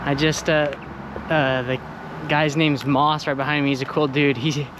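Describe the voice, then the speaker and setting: An excitable young man rambles into a handheld camera as he hikes a rural trail. His voice sits a little high for a man, and faint wind drifts behind him. He is chatty and easily delighted. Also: moderate pace. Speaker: thru-hiker vlogger. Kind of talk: casual vlog chat while hiking.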